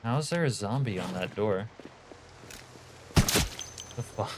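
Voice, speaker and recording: A man's voice: lowish voice, expressive, fairly quick, background noise. A man streaming a game, chatting with viewers and muttering asides, swearing freely. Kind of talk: casual gameplay commentary.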